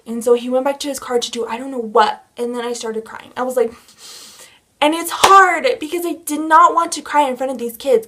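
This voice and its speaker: A young woman tells a personal story straight to camera in a casual vlog. Her voice sits a little higher than most, and she tells it in an animated, rambling way, full of fillers. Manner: animated retelling with many filler words. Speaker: vlogger.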